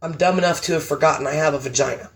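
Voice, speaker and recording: A woman stand-up comedian, chatting as a podcast guest and telling stories in a blunt, profane, animated way. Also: deep voice, rapid-fire. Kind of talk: casual chat, storytelling.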